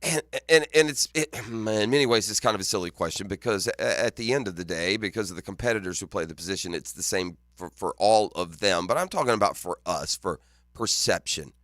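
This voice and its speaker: Bright, playful sports radio man. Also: lowish voice, animated, a little fast, no echo, clean studio sound. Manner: playful, laughing often, teasing. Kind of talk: casual morning radio banter. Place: radio studio. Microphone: studio microphone.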